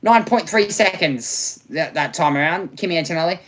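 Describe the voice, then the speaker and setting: A man's voice: on the high side, animated, moderate pace, fairly bright tone. A man hosting a live motorsport watch-along, talking to his viewers in a sarcastic, exasperated way and muttering to himself.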